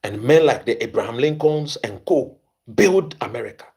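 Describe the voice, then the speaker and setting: A man's voice: mid-range voice, animated, moderate pace, a little mellow. A man from Ghana with a Ghanaian accent, hosting an impassioned commentary in a preachy way, repeating phrases for emphasis. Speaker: host.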